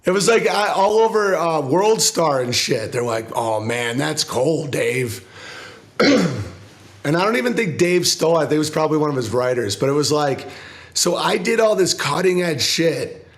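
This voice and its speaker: Profane, rambling comedian. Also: male voice, very animated, normal speed. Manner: profane, rambling, acts out quoted people in lower voices. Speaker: comedian guest. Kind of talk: casual interview talk.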